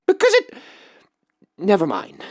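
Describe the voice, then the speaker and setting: A man's voice: sits high, wildly swooping pitch, unhurried, heavily acted. A man voicing a grumpy, sarcastic male bio-android villain in an audiobook drama. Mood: irritable. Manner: sarcastic, irritable. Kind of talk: audiobook voice acting.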